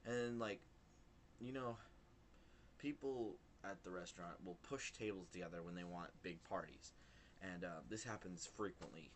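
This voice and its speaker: A young man vlogging, retelling a work story in a rambling, animated way with lots of fillers. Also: deep voice, moderate pace, a little hiss or hum. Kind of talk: casual storytelling to camera.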